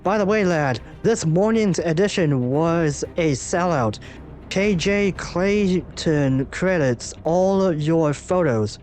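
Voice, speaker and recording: A man plays a jovial older newspaper boss who heaps praise on his young staffer. The voice is hearty and fairly high, with faint music behind. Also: slow pace. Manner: hearty, flattering.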